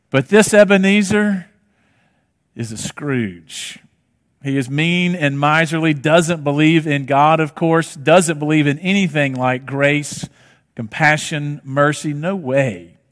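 A man preaching a sermon, telling a story and asking rhetorical questions, in a reverberant hall. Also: a little high. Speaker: pastor.

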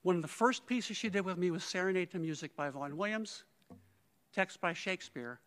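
A man's voice: sits high, fairly quick, fairly bright tone. A male conductor giving a heartfelt eulogy, telling stories and often quoting others. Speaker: conductor at a memorial. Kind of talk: eulogy speech. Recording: long reverb of a large hall.

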